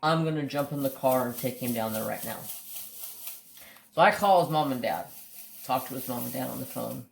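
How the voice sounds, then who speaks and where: A man chats and tells stories while he crafts, rambling and candid, with a bit of swearing and plenty of restarts. His voice sits at a middling pitch. The room around him rings with a noticeable echo. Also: normal speed, creaky, pauses often, a little hiss or hum. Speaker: crafting channel host. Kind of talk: casual storytelling chat while crafting. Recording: roomy echo.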